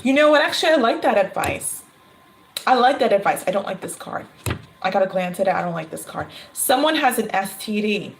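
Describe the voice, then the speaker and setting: A woman reading tarot cards on a casual livestream, chatty and quick to laugh. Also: medium pitch, creaky, slight background noise. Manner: chatty, laughs often, animated storytelling. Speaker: tarot reader.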